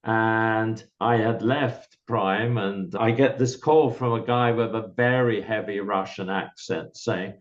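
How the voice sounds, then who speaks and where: An older man, a guest in an interview, recalls his career in a measured, explanatory way. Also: fairly low pitch, fairly even intonation. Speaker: guest, software founder. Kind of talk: candid reminiscing interview. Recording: slightly dull lo-fi recording.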